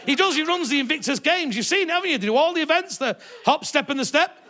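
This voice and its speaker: A man's voice: very high voice, expressive, quick pace, sharp tone. A male stand-up comedian, swearing and mocking in a live comedy set in a theatre. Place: theatre stage before a live audience.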